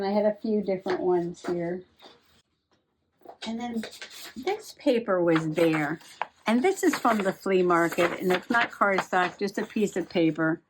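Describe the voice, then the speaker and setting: A middle-aged woman chatting casually to herself while journaling and crafting, giggling often as she goes. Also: mid-range voice. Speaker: journaling vlogger.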